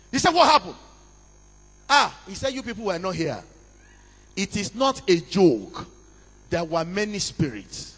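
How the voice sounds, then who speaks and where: High, bright-voiced man preaching in a hall. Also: vocal fry. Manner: dramatic, call-and-response with congregation. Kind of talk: sermon storytelling. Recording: long reverb of a large hall.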